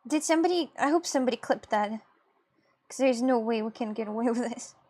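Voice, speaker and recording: Drawing live for her audience, this young streamer speaks a little fast in a mellow voice that sits on the high side. She's chatty and giggly, laughing a lot and responding to what viewers type.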